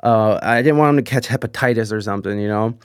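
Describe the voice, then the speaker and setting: A man telling a rambling, profane anecdote in a casual, animated way, with frequent restarts. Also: lowish voice, quick pace, clean tone, no room sound, studio quality. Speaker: storyteller.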